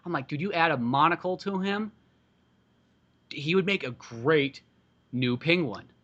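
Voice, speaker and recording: A man with a bright, slightly raised voice argues his points with emphasis in casual podcast talk. He swears freely and comes back to his points again and again. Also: on the high side, expressive, measured pace, lo-fi sound. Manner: emphatic, profane, argumentative. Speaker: podcast host. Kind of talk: casual chat.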